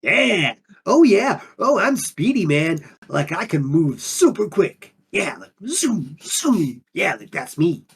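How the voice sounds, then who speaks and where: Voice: mid-range voice, very animated, takes it slowly, few pauses, breathy edge, full character voice. A performer playing a laid-back undine monk who talks in drawling surfer slang, in an improvised in-character interview. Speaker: player character.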